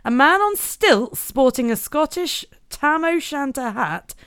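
A woman's voice: high-pitched, very animated, unhurried, fairly bright tone, no echo. A woman co-hosting a comedy podcast, reading a news story aloud with giggly, sardonic asides into a close mic. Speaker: podcast co-host.

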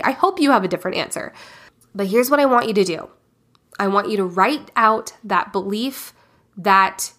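A woman's voice: mid-range voice, fairly bright tone. A woman hosting a podcast, giving frank and direct self-help coaching and casually swearing. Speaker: podcast host.

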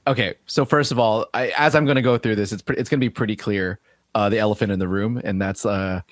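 A man's voice: on the low side, steady tone, fast talker, clean studio sound. A man co-hosting a podcast in casual film-review chat, readily agreeing and echoing his partner. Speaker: podcast co-host.

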